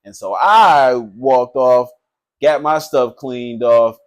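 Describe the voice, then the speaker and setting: A man who works as a tattoo artist, telling a story in a loose, animated, profane way, full of filler phrases. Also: mid-range voice, slow. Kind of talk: casual storytelling.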